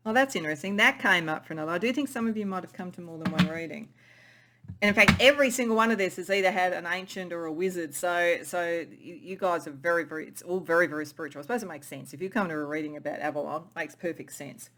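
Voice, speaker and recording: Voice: medium pitch, fast, sharp tone. A tarot reader giving a pick-a-card reading in an intuitive, musing way, often repeating and restarting phrases.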